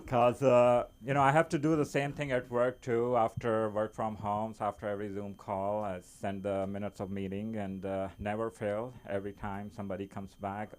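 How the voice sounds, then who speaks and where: A man who is not a native English speaker doing an open mic stand-up set in a small comedy club, halting, with many fillers and restarts. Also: fairly low pitch, flat delivery, a little mellow, smooth.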